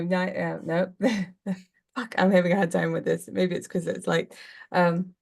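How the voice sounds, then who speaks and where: A woman's voice: fairly low pitch, flat delivery, unhurried, creaky. A woman playing a tabletop role-playing game, giggly and hesitant as she acts. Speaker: player.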